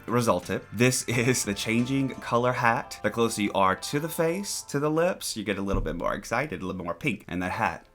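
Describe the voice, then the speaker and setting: Young man, fairly low voice, playful gushing commentary, joking asides, soft music under it. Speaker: YouTube commentary host. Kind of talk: casual reaction commentary.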